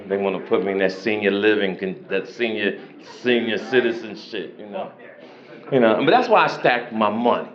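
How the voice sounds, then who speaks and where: A man in his sixties doing brash, crude, animated stand-up storytelling on a comedy club stage. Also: on the low side. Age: 60s. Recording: roomy, muffled club sound. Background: loud audience laughter and noise.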